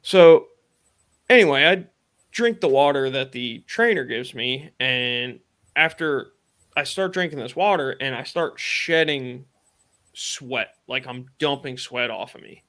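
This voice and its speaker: A man tells a personal story on a live stream in a loose, conversational way, full of "you know" and "I'm like". His voice sits at an ordinary pitch with a bright, forward edge. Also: unhurried. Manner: rambling, animated retelling with many fillers and self-quotes. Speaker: podcast host.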